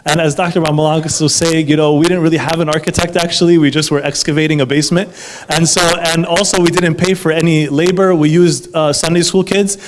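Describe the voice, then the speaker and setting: A man's voice: fairly high pitch, fast talker, noisy background. A man, a marriage counselor, giving a live talk to an audience, emphatic and often asking the listeners if they follow. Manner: animated, emphatic, asks the audience for agreement.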